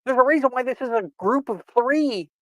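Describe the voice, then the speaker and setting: A man running a tabletop role-playing game as game master, chatty and quick to laugh. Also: very high voice, expressive, a bit bright, dry recording. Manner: laughing often, loose and chatty.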